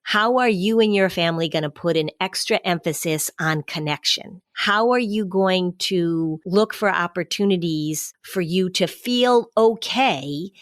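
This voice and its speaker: A middle-aged woman talks through advice in a steady, explanatory way. Her voice sits a little low. The sound is dry and close to the mic. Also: a little slow, few pauses, dry recording. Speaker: podcast co-host giving parenting advice on anxiety. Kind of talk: casual podcast conversation.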